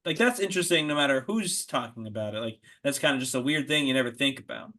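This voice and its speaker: An American man in a mid-range voice hosts a podcast in a relaxed, casual way. He laughs often and backs up to restart his sentences as he thinks aloud. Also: mid-range voice, fast talker. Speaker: podcast host. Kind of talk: casual chat.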